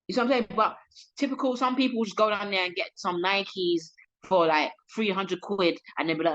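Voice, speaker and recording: A young woman with a London accent, chatting as a comedian guest on a podcast. She tells stories with lots of energy and acts out the voices of the people in them. The recording sounds a bit muffled. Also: brisk. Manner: animated storyteller, voices quoted people, lively pitch jumps. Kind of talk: casual podcast interview.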